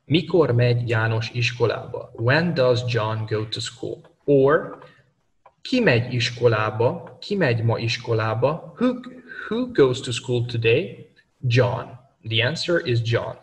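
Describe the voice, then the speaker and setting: A man giving a video language lesson, explaining grammar rules step by step with example sentences. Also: medium pitch. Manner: methodical, explains with worked examples. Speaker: language teacher. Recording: distant mic in a reverberant room.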